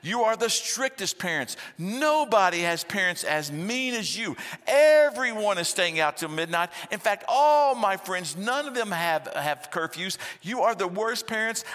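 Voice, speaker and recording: A man voicing an angry teenage girl who yells accusations at her parents, in a sermon with long hall reverb. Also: high-pitched, animated, a little slow, hardly any pauses, pitched above the performer's own voice. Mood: furious. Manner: shrieking, indignant, accusing.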